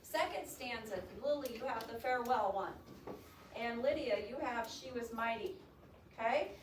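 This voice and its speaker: Classroom teacher, female, expressive reader who coaxes answers; distant mic, noisy classroom. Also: on the high side, moderate pace. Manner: expressive reader, coaxing questions to students. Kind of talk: classroom poetry reading and discussion. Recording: roomy classroom sound from a distant mic with noise.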